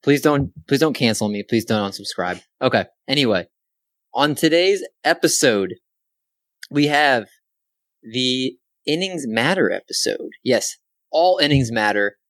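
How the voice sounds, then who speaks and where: A man's voice: medium pitch, expressive, a little slow, fairly bright tone, dry recording. A man hosting a fantasy sports podcast on his own, talking upbeat and casual with self-deprecating asides. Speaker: podcast host. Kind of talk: solo sports podcast chat.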